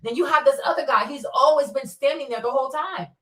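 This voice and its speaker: A woman's voice: high-pitched, quick pace, pushed and bright, roomy sound, recorded from a distance. A woman streamer commenting on footage in a casual, insistent way, repeating herself as she points out details step by step.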